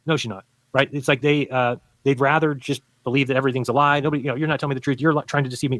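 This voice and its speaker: A man who used to be a flat earther arguing in a debate, explaining insistently and acting out what other people say. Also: medium pitch, no room sound. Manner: rapid, insistent explaining with quoted voices. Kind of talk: debate argument played from a recorded stream.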